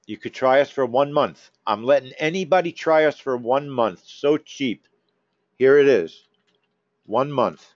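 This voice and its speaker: A man runs a live trading session and talks straight to his members, coaxing and teasing them. His voice sits at an average pitch. The sound is dry and a little dull, like a lo-fi stream. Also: unhurried, no room sound. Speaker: trading room host.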